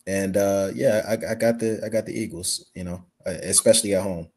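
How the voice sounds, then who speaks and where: A man on a sports show panel giving measured, plainspoken picks. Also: fairly low pitch, fairly even intonation, darkish tone. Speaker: guest panelist. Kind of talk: casual sports chat.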